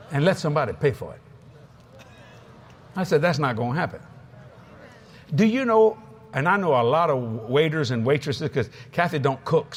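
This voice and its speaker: A man's voice: on the high side, slight background noise. A man preaching a sermon at a convention, telling funny stories with laughing asides. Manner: storytelling, laughing, lively asides. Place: convention hall.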